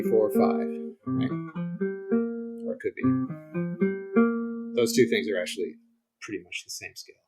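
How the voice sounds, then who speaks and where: On a low-quality recording, a middle-aged visiting scholar with a fairly low voice explains ancient music conversationally. He works things out aloud, often starting over, and plays examples on guitar.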